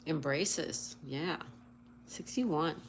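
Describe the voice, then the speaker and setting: A woman's voice: low voice, extremely slow, a little hiss or hum. Chatty woman hosting a crossword livestream. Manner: reads chat aloud, greets viewers warmly, spells answers letter by letter. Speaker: livestream host. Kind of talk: casual livestream chat.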